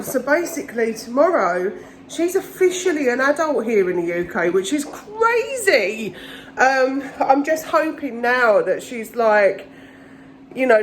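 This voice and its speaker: A woman's voice: a little hiss or hum, rough recording. A middle-aged woman chatting casually in a home vlog, a little out of breath from a chest infection, rambling and chatty. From England. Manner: chatty, rambling, talks to her cats in a high sing-song. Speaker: vlogger. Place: home kitchen indoors.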